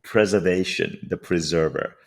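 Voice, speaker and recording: A middle-aged man from Malaysia answers interview questions in a very deep, calm voice. He speaks slowly and soothingly, like a meditation teacher. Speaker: guest. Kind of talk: interview conversation.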